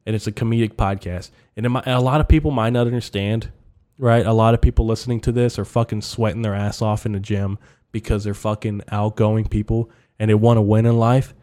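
A man's voice: on the low side, steady tone, fairly quick, mellow. A man hosting his own comedy podcast in a solo monologue, ranting and rambling, swearing freely with lots of fillers. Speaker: podcast host.

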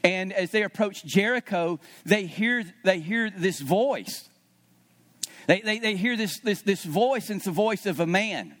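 A man's voice: high voice, unhurried, fairly bright tone. A man preaching a sermon as pastor at a church service, repeating key phrases for emphasis and calling on the congregation to answer back. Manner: calls on the congregation to respond.

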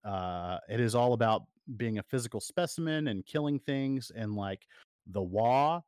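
With a lowish, slightly mellow voice and lively intonation, this man co-hosts a podcast at normal speed. His casual talk rambles, full of fillers and restarts. The studio sound is clean, with no room sound.

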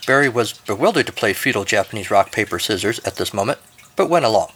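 A man's voice: fairly low pitch, animated, fast, fairly bright tone, a little hiss or hum. Dry-humored male podcast host. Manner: dry, jokey asides. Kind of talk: comic storytelling narration and show outro.

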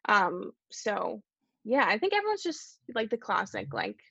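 A woman's voice: medium pitch, big pitch swings, a little slow, gravelly, sharp tone, breathy edge, no echo, lo-fi sound. A young woman from Canada, a guest chatting casually in an interview, full of "like" fillers. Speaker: guest, YouTuber.

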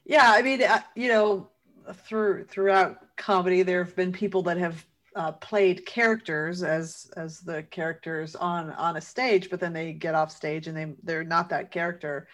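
A woman's voice: lowish voice, steady tone, a little slow, a bit bright. Thoughtful woman interviewer. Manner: thoughtful, hesitant, with fillers. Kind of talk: conversational interview.

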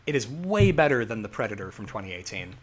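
A man's voice: lowish voice, sing-song, fast. A man co-hosting a podcast in casual comic chat, rambling and laughing often. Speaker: podcast co-host.

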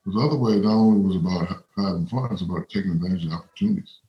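Brief: deep male guest spinning anecdotes, roomy echo. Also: rapid-fire, dull audio. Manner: rambling anecdotes with quoted voices. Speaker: interview guest. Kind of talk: casual storytelling.

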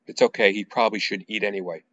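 A man's voice: lowish voice, steady tone, fast, fairly bright tone, highs cut off. Man reading as a brash protective woman. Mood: brisk. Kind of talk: author reading aloud.

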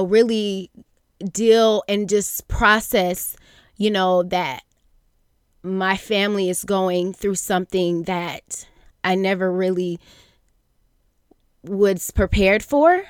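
Earnest woman podcaster, slow and halting. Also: mid-range voice, clear, resonant tone, dry recording, studio quality. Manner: earnest, halting, many fillers and restarts. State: near tears at times. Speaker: podcast host. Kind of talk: reflective faith podcast monologue.

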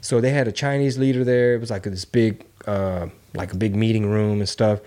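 Profane, animated man bantering on a podcast. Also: fairly low pitch, normal speed. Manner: animated, profane, breaks into mocking impressions. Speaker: podcast co-host. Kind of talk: casual political banter.

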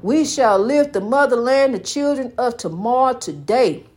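At normal speed, a woman with a slightly high, animated, somewhat mellow voice preaches with fervor. She repeats her points through an inspirational monologue and calls whoever is listening "honey."

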